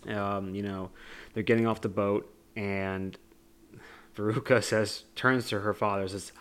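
A man's voice: lowish voice, steady tone, a little slow, smooth. A young man co-hosting a podcast, recapping a movie in a rambling, joking way with frequent laughs. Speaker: podcast co-host. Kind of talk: casual movie discussion.

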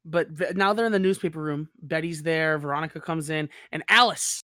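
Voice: medium pitch, brisk, pushed and bright, no room sound, studio quality. A host giggling through a casual TV episode recap on a podcast. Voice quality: chatty, laughs often, puts on voices when quoting characters.

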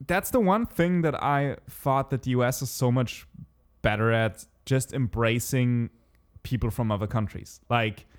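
A man's voice: mid-range voice, measured pace. A young man from Germany, talking casually in English, his second language. He tells stories with energy and acts out the lines of the people he is quoting. He swears freely. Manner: animated storyteller, swears, acts out quotes. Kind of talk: casual chat.

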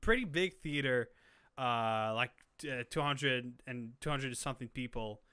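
Young male podcast co-host, bright and clear-voiced, rambling and excitable. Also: medium pitch, unhurried. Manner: excitable, rambling, many fillers. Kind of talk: casual chat.

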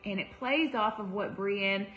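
A woman's voice: mid-range voice, measured pace, a bit bright, a little hiss or hum, low-quality recording. A young woman giving a livestream devotional to women, conversational, with fillers and self-corrections. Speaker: women's ministry speaker.

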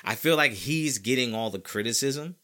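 A man hosts a sports podcast, speaking casually and emphatically as he argues his opinions, repeating himself often. He's animated and opinionated, with a mid-range voice and a moderate pace.

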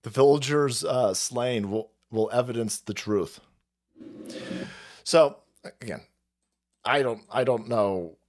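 A man hosting a political livestream, ranting in a foul-mouthed, sarcastic way with shouted outbursts. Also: mid-range voice, takes it slowly, pauses often. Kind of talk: profane political rant.

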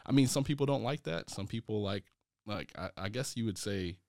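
A young adult man chats as a podcast guest, telling stories loosely and acting out what people said to him. He talks in a fairly low voice, heavy with "like" and restarts. The sound is dry and close. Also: fairly quick, no room sound. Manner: animated, acts out quoted speech, many fillers. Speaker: startup founder as podcast guest. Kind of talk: casual conversational storytelling.

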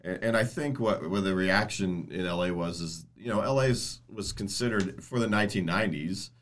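A man with a very low, deep voice, co-hosting a relaxed podcast discussion. He talks in halting bursts, often repeating a word before the thought comes out. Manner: halting, repeats words when starting a thought. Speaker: co-host, former prosecutor.

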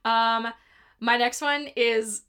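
A young woman chatting casually as a podcast co-host, giggly and animated, swearing freely. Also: fairly high pitch, slow, clean tone. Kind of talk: casual chat.

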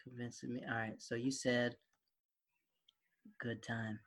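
A young man casually reminiscing with an old friend, animated, acting out quoted voices and laughing often. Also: mid-range voice, a little slow. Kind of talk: casual storytelling chat.

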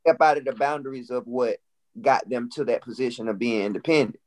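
Man, blunt and challenging, mid pitch, casual talk. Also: fast talker, darkish tone. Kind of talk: casual podcast chat.

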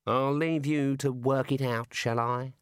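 A man voicing a fussy, smug old male wizard who drawls calmly. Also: medium pitch, measured pace, clear, resonant tone, no room sound, studio quality, lightly acted.

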